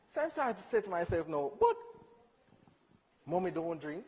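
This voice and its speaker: A young man telling a funny personal story in church, animated and acting out dialogue with laughs. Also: high-pitched, normal speed, long pauses. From Jamaica. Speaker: church speaker. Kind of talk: storytelling testimony. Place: church hall. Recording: hall reverb.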